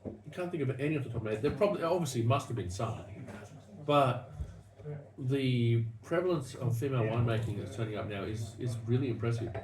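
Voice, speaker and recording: A man's voice: mid-range voice, brisk, a little mellow. A man with an Australian accent hosting a casual wine-tasting chat, rambling through stories with many restarts. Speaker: wine show host. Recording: echoey room, distant mic, noisy.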